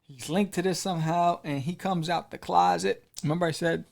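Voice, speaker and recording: Gravelly-voiced man recapping comics. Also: high-pitched, brisk. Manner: animated storyteller, acts out characters' lines; playful, jokes with the listener. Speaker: podcast host reviewing comics. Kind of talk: casual chat.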